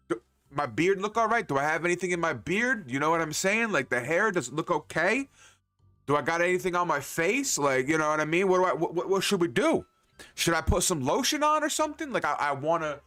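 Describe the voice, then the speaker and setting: A man streaming a game, with excitable, joking, profane casual commentary. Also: fairly high pitch.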